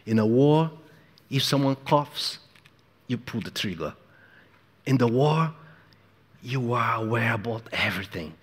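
A man preaching a sermon in an emphatic, repetitive way, moving between hushed and loud delivery. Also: medium pitch, lively intonation, measured pace, pauses often. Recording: echoey hall with long reverb.

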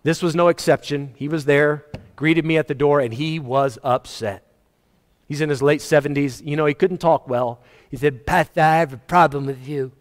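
A male pastor preaching a sermon emphatically, his voice rising and falling in pitch and loudness. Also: steady tone, normal speed, long reverb tail. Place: church.

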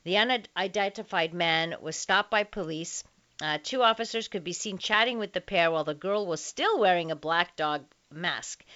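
A woman with a lowish, forceful, bright-edged voice hosts a late-night radio talk show from a studio. She reads listener letters aloud in a chatty, unpolished way, full of ums and uhs. The sound is a dull, lo-fi radio broadcast. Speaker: radio call-in show host.

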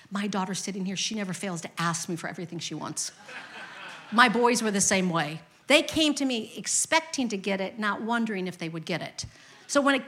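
A woman's voice: medium pitch, a bit bright. A woman in her fifties preaching a sermon to her congregation, with emphatic repetition and direct questions to the listeners. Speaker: pastor.

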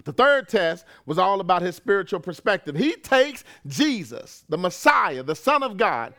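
A middle-aged man preaching a sermon as pastor, casual and conversational, sometimes rising to shouts. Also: high voice, very animated, normal speed.

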